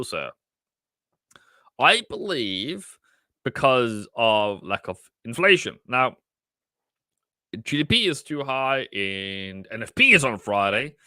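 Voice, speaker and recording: A man's voice: mid-range voice, pushed and bright, dry recording, studio quality. A man working as a trading mentor, giving casual live-stream market commentary in a rambling, self-mocking, jokey way.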